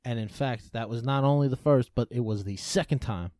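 A man's voice: mid-range voice, a little fast, mellow, no echo. A man in casual chat, bantering and joking with friends.

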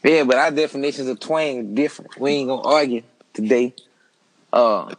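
A man's voice: mid-range voice, normal speed, low-quality recording. A man hosting a casual, crude group chat, laid-back and joking, with lots of slang. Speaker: podcast host.

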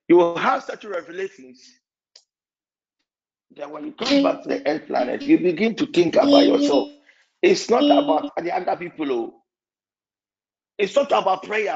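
High gravelly preacher, swings wildly in pitch, bursts into shouts, dull lo-fi recording. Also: male voice. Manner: emotional, repetitive preaching with sudden shouts. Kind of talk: sermon.

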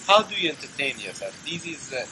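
A man's voice: medium pitch, very animated, fairly quick, bright, forceful tone. A man asking probing, persistent questions in a conversation. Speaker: interviewer. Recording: noisy room recording.

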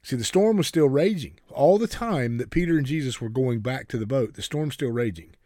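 A man's voice: mid-range voice, lively intonation, fairly quick, dark tone, no echo, clean studio sound. A man preaching a folksy, earnest sermon, often repeating words as he starts a sentence.

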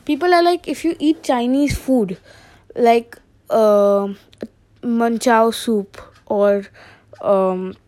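A young woman talks in a casual, meandering comedy monologue. She takes her time, chuckling at her own jokes and wandering off topic. Her voice sits on the higher side. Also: slow, mellow. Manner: rambling, laughs at own jokes. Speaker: podcaster.

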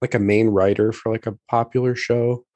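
A man's voice: on the low side, flat delivery, moderate pace, mellow, dry recording. A man co-hosting a podcast, chatting casually and laughing along easily. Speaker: podcast co-host. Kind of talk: casual chat.

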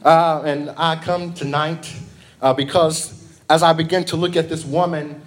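A man preaching an impassioned evening sermon, swinging between loud calls and soft asides, drawing responses from the congregation. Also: a little high, level tone, unhurried.

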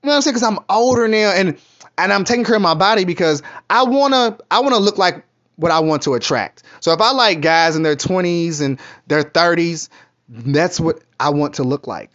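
A man's voice: high voice, lively intonation, brisk, fairly bright tone. Rambling profane man, muffled. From Kentucky, USA. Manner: candid, profane, rambling storyteller. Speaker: vlogger. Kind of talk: casual rambling monologue. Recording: muffled lo-fi audio.

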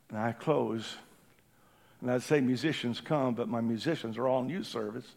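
A man preaching a sermon in a church, impassioned, swinging from hushed tones to shouting. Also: medium pitch, a little slow, gravelly, pauses often. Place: church building during a service.

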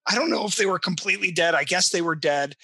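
A man in casual podcast banter, animated and profane, laughing through his stories. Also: high voice, fast talker, dry recording.

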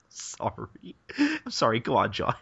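A man's voice: medium pitch, gravelly, muffled recording, background noise. A man co-hosting a podcast in casual chat, recapping a manga in a rambling, profane way and acting out characters' lines with lots of laughing. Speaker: podcast co-host.

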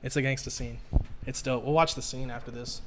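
Male podcast host, casual and excitable, swears freely. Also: mid-range voice, a little fast, noisy background. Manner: excitable, swears a lot, lots of fillers. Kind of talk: casual chat.

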